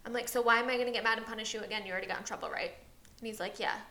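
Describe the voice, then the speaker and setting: A woman's voice: fairly high pitch, steady tone, rapid-fire, bright, forceful tone, roomy sound. A woman co-hosting a casual podcast, rambling through a long story about her son and acting out his lines. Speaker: podcast co-host. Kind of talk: casual chat.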